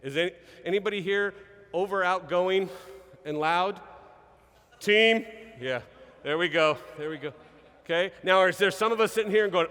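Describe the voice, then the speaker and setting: A man giving an energetic live seminar talk as a sales trainer, peppering his points with "okay?" and "right?". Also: high voice, moderate pace. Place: large event hall. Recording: reverberant event hall.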